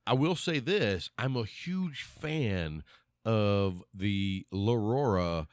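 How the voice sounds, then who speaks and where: A man's voice: fairly low pitch, slow pace, no echo, clean studio sound. A man co-hosting a podcast, chatting casually and teasing his co-host. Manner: joking, teasing, animated. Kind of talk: casual chat. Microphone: podcast mic in a small studio shed.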